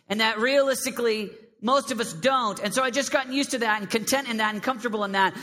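A man preaching a lively sermon to a young congregation, with a high, squeaky voice, swinging between loud emphasis and hushed prayer. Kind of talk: live sermon to a youth congregation. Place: large hall with a live crowd. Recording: long hall reverb.

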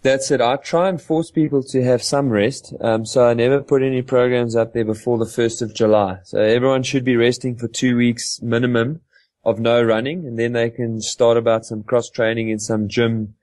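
A man who coaches runners, calmly explaining a rest and training plan on a podcast. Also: medium pitch, moderate pace, no room sound. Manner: calm, matter-of-fact explaining. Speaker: running coach. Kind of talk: casual podcast advice.

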